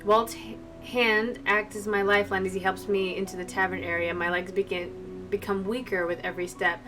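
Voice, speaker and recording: A woman's voice: mid-range voice, fairly even intonation, moderate pace, hardly any pauses, fairly bright tone. A woman streamer reading a visual novel aloud, breaking off into emotional, chatty asides to her viewers, from a distant mic with faint music behind.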